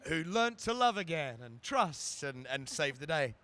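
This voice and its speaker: A man's voice: on the high side, sing-song, measured pace, bright, forceful tone. A man, a guest actor, chatting and telling anecdotes at a live stage event, sometimes putting on silly voices. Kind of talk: casual stage interview.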